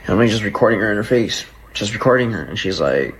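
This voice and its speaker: A man's voice: lowish voice, fast, a little hiss or hum, poor audio. A man telling a personal story in a casual, profane way, acting out what was said to him. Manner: profane, animated, acts out quoted dialogue. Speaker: storyteller recounting a breakup.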